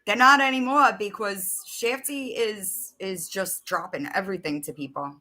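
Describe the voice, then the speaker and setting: A woman's voice: mid-range voice, moderate pace, sharp tone. A woman hosting a casual livestream, chatting loosely and swearing while she reads out messages and searches her phone. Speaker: livestream host.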